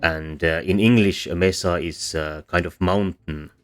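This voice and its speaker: Man, very low voice, teaching in voice-over; hesitant, lots of ums and restarts, soft music underneath. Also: steady tone, unhurried. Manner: hesitant, many fillers and restarts. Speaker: language history explainer. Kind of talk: explanatory voice-over lesson.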